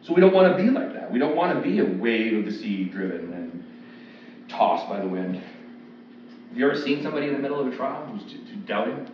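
Casual pastor in an echoey church. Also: male voice, medium pitch, big pitch swings, brisk, slight background noise. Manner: conversational, acts out quoted voices. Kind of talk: expository sermon. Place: church sanctuary. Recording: echoey, distant, dull church recording.

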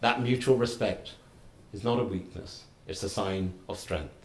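Measured man, low voice, roomy hall. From United Kingdom. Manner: measured, deliberate delivery in short phrases; wry anecdotal humour. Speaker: guest lecturer. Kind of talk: formal public lecture. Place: lecture hall.

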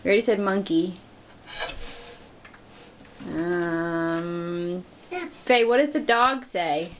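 A woman talking to a toddler in a home video, asking slow, sing-song questions to coax words out of the child. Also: on the low side, slight background noise. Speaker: parent coaxing a toddler to talk. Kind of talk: home video baby talk.

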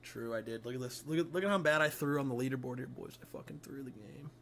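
A young man streaming a shooter game, reacting loudly and swearing at the plays. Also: medium pitch, fast talker, a little hiss or hum. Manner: excitable, swearing, yells and laughs at plays. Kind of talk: live game streaming commentary.

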